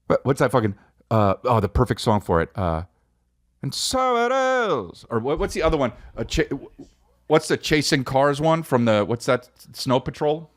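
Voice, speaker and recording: A rambling, jokey man in his forties chats through a casual solo comedy podcast. His pitch swings widely as he riffs, and now and then he slides into off-key singing. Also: lively intonation, normal speed, no room sound, studio quality.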